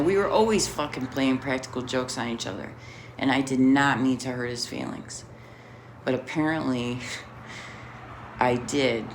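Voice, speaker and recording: A woman's voice: extremely low pitch, a little hiss or hum. A middle-aged woman telling a rambling personal story in a casual, profane way, laughing often. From Chicago area.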